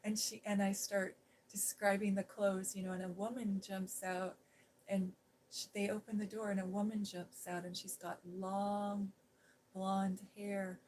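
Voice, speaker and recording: A middle-aged woman recounting a memory in a soft, hushed storytelling voice. She slips now and then into near-whispers. There is a faint hiss in the background. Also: medium pitch, low-quality recording. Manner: gentle, hushed, drifting into whispers. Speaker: ASMR host.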